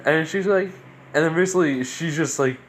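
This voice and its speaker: A man's voice: a little high, fairly quick, a little hiss or hum. A man casually improvising a fan story, rambling and restarting his sentences often. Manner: rambling, many fillers and restarts.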